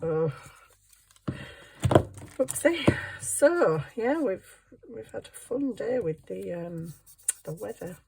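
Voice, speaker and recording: A woman's voice: mid-range voice, lively intonation, takes it slowly, vocal fry, long pauses, a little mellow, slight background noise. An older woman, a grandmother, chatting casually and giggling as she crafts for her channel. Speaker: craft vlogger. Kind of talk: casual chat while crafting.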